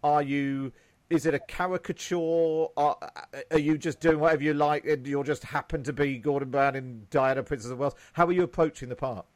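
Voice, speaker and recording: A man's voice: on the high side, steady tone, fairly quick, dry recording. A man interviewing a cast, asking rambling questions with many restarts. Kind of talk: casual interview.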